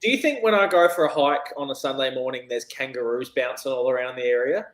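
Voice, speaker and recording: A man's voice: medium pitch, quick pace, fairly bright tone. A man from Australia with an Australian accent, chatting casually in a blunt, teasing way. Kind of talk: casual chat.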